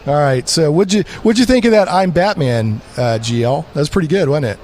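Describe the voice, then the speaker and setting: A man's voice: on the high side, big pitch swings, fast, a little mellow, a little hiss or hum. A man hosting a live radio broadcast from a comic convention floor, interviewing in a rambling, enthusiastic way with lots of restarts. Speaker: radio host.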